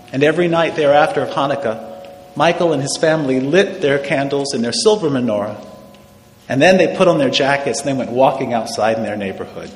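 A man reading a story aloud in a measured, expressive way, taking his time over the scenes. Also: mid-range voice. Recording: echoey hall with long reverb and faint noise.

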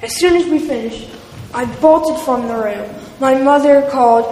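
A woman reads a first-person story aloud, plain and earnest. Her voice sits slightly high and comes from some distance off the mic. It echoes through a large hall with a long reverb over faint background noise. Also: moderate pace, dark tone.

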